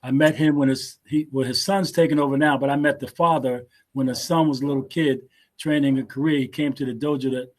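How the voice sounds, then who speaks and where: A man's voice: mid-range voice, steady tone, a little fast, a little mellow. A man in his sixties, a martial arts teacher and guest, telling stories in a casual interview in a laid-back way, often repeating words as he restarts.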